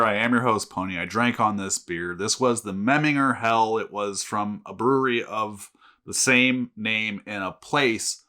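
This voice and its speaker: A man's voice: mid-range voice, pushed and bright. A man hosting a casual beer review show, telling jokes with dry, self-mocking humor.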